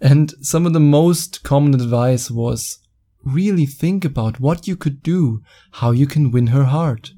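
A man's voice: medium pitch, unhurried, mellow. A man with a German accent hosting a solo podcast, talking bluntly and mockingly, with frequent swearing. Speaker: podcast host. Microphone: studio microphone.

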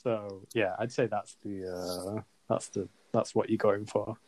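A man's voice: lowish voice, little pitch movement, measured pace, darkish tone. A man co-hosting a podcast, joking and asking incredulous questions in casual banter. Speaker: podcast co-host. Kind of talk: casual chat.

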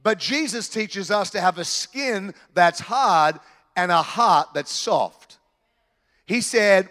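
An Australian pastor preaching with a higher-than-usual voice for a man. His delivery is lively and conversational, with humorous asides. His voice carries a long echo from a large hall. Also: slow pace. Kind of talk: sermon. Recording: reverberant church hall.

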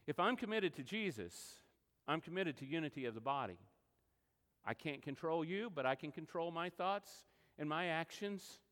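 Animated preacher in a reverberant hall. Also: male voice, on the high side. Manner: animated storytelling, acts out quoted voices. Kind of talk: sermon. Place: church sanctuary.

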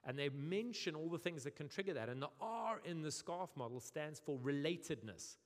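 South african guy preaching, kinda high voice, lively and jokey, long echo from the hall. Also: normal speed. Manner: lively, humorous, acts out quoted voices. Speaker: pastor. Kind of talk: sermon. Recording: long reverb of a church hall.

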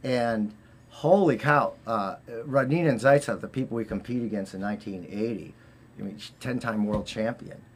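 Speaking at a normal speed in a lowish voice, a Boston-accented man who was once an Olympic figure skater rambles through long anecdotes as an interview guest, with many fillers and restarts. A little hiss or hum is audible in the recording.

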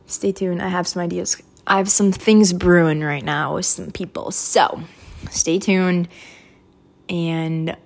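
A woman's voice: fairly low pitch, steady tone, takes it slowly, gravelly. A young woman hosting her own podcast, chatting casually in a rambling, apologetic way full of fillers. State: out of breath after stairs. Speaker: podcast host. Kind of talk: casual solo podcast chat.

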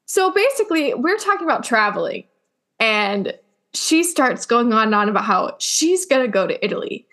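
This young woman co-hosts a podcast, speaking at a normal speed in a fairly high, slightly bright voice that swings widely in pitch. Her casual chat is sarcastic and teasing, and she mocks her family by quoting them in put-on voices.

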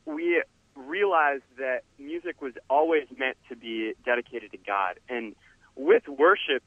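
A man's voice: medium pitch, no room sound. Earnest man on a tinny phone line. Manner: earnest, halting with fillers. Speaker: guest musician. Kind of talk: earnest interview answer.

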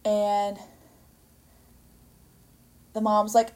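A woman's voice: mid-range voice, little pitch movement, slow, long pauses, warm tone. A young woman hosting a solo podcast, chatting casually and rambling, with many fillers and self-corrections while she acts out quoted lines. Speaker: podcast host. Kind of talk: casual solo podcast chat about a movie.

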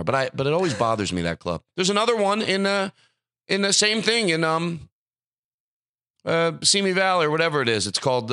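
A man ranting in casual podcast chat, his voice bright and forceful. He jumps between loud, pitched-up bursts and low grumbled asides, heard close on a dry studio mic with no room sound. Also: dry recording. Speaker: podcast host.

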